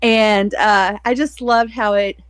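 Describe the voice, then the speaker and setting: A woman's voice: mid-range voice, steady tone, takes it slowly, clear, resonant tone, no echo. A woman co-hosting a book podcast, talking in a casual, rambling way and laughing often. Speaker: podcast co-host. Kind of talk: casual chat.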